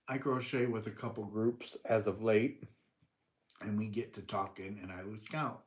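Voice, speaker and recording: A man's voice: on the low side, normal speed. An older man hosting a casual live stream, answering viewers and teasing them playfully, often laughing. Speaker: livestream host.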